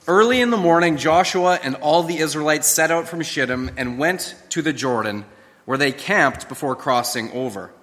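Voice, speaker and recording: Preaching man with a bright voice in a reverberant hall. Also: a little high. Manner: emphatic preaching, rising and falling for effect. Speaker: pastor. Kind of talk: sermon. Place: church. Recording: long reverb of a church hall.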